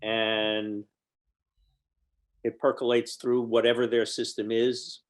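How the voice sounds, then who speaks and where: A man's voice: mid-range voice, flat delivery, takes it slowly. An older American man, a guest on an interview, telling anecdotes with dry humor. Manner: wry, storytelling, dry humor.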